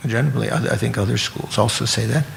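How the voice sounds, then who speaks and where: Male dharma teacher, gravelly, halting delivery, quizzes the class, faint noise behind. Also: mid-range voice, steady tone. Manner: halting, restarts, asks the audience questions. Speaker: Buddhist teacher.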